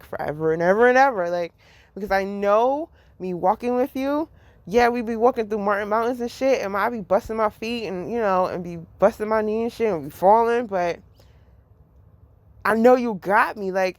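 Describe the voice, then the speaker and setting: A woman's voice: medium pitch, no echo. Rambling, laughing woman musing on faith. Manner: rambling, profane, laughs often, heavy use of "like". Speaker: podcast host. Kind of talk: casual spiritual reflection.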